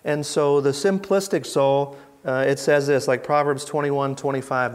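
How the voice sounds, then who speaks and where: A man giving an informal Bible teaching, conversational and reflective, with pauses and restarts as he reads verses aloud. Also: mid-range voice, steady tone, clean tone. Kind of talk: informal teaching talk with scripture readings.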